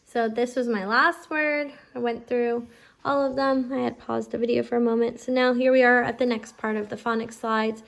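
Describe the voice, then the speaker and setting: A woman's voice: a little high, little pitch movement, gravelly. Patient mother teaching phonics aloud. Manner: patient, drawing out letter sounds slowly. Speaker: homeschooling parent teaching phonics. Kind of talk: instructional explanation to camera.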